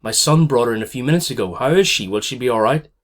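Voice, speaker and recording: A man's voice: medium pitch, expressive, fast, voice pushed up, lightly acted. A man reading an audiobook, voicing a frantic refugee mother who pleads in fear. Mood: pleading. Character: frantic refugee mother, middle-aged woman. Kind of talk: audiobook character voice.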